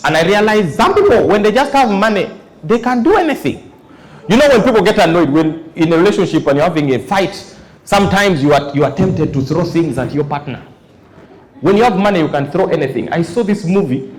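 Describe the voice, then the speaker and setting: A man doing stand-up comedy in front of a live audience, telling animated stories and acting out his characters. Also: sits high, a little fast. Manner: animated storytelling, acts out characters. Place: large live venue. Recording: echoey hall, loud crowd laughter.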